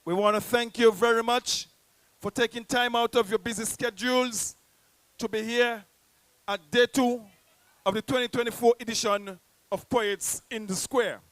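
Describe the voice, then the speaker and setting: A man's voice: very high-pitched, steady tone, moderate pace, a bit bright, no echo. A man with a Nevisian accent hosting a poetry event in a public square, rousing the crowd like a theatrical announcer. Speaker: host. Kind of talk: live event emcee.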